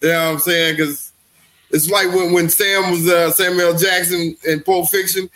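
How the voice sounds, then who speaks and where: A man's voice: sits high, little pitch movement, normal speed, fairly bright tone, poor audio. A man co-hosting a comedy podcast, rambling and laughing through profane banter. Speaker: podcast co-host.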